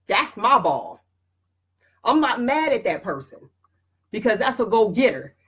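Blunt, husky-voiced woman giving a pep talk. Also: fairly high pitch, big pitch swings, unhurried, a bit bright. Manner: blunt, emphatic, preachy; addresses viewers directly. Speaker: host. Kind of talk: motivational talk.

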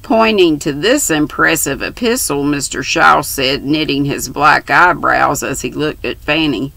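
A woman in her sixties reading a classic novel aloud, with a steady storytelling voice that lifts in pitch for the girls' dialogue. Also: a little slow, gravelly, hardly any pauses, dry recording, poor audio. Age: 60s. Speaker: audiobook reader.

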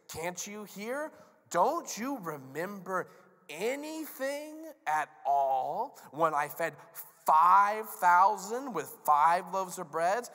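A man's voice: very high voice, husky, pitched above the performer's own voice, full character voice. A man doing a stern, exasperated teacher. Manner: slow, loud, emphatic rebukes. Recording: long reverb of a large hall.

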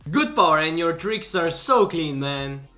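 A man, hosting and commenting on clips in a reaction video, excitable and quick to exclaim and laugh. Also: on the high side, faint music behind. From Bulgaria. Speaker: host.

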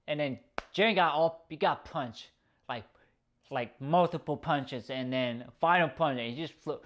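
Man, casual review, fairly high-pitched, swears a lot, rambles and restarts. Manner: excitable, swears often. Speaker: video reviewer.

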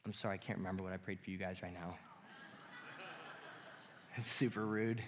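A man's voice: low-pitched, steady tone, brisk, a little hiss or hum. A man in his thirties preaching in a casual, earnest way with self-deprecating humor. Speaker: pastor. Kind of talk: sermon. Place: church sanctuary. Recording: long church hall reverb with guitar underneath.

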